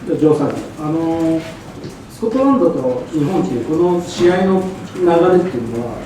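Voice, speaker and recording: A male reporter asking a rapid, slightly hesitant question at a press conference. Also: fairly high pitch, animated. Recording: echoey room, distant mic, noisy.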